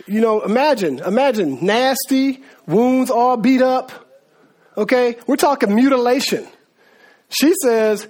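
A man's voice: very high-pitched, unhurried, a little mellow. A man giving a conversational Bible teaching, talking informally with slang and calling his listeners guys, and acting out voices from the story. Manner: acts out voices of biblical figures. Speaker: preacher.

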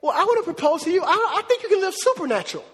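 A man preaching a casual, animated sermon, often checking in with the crowd. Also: very high-pitched, very fast. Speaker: pastor. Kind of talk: conversational sermon. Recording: long hall reverb.

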